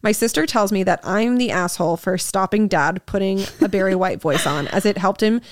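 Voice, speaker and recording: A woman's voice: medium pitch, fairly quick, no echo, studio quality. A young woman co-hosting a podcast, blunt and swearing, laughing often as she reads listener posts aloud. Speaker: podcast co-host. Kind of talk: casual chat, reading listener posts aloud.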